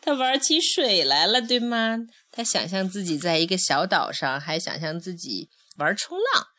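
A woman's voice: fairly low pitch, big pitch swings, moderate pace, sharp tone. A woman reading a picture book aloud with a child, patiently explaining and asking questions as they go. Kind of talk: read-along storybook lesson.

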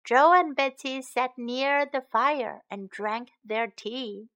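A woman narrating a children's storybook for English learners. She reads slowly and clearly, in a high, bright, expressive voice.

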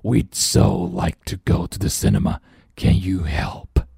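Dude doing a low growly monster dad, breathy whisper, kinda far off. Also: male voice, a little slow, dry recording, clean studio sound, exaggerated voice. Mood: spooky. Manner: hushed, breathy growl from a distance. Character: deep scary growling monster father.

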